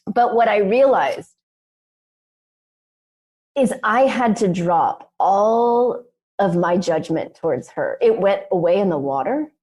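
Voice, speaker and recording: Animated woman telling a personal story. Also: mid-range voice, a little slow. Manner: animated, emphatic, frequent "like" and "um". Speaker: podcast co-host. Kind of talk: personal storytelling in casual conversation.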